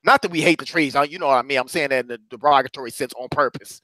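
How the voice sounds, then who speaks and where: A man speaking as a motivational courage coach to a congregation, emphatic and repetitive, swinging from low murmurs up to loud, high exhortations, with speech. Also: racing, no echo. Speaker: self-described courage coach.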